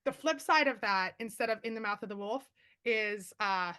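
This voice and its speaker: Author guest, female, lively anecdote-teller, bright tone, on a call. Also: on the high side, clear, resonant tone. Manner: fast, animated storytelling with many fillers. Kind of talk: casual chat.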